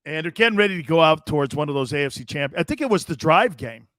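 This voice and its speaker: This excitable Connecticut man speaks fast as he hosts a sports talk show, jumping between stories with frequent laughter. His voice is a bit high for a man, and the close, dry mic sound has no room noise.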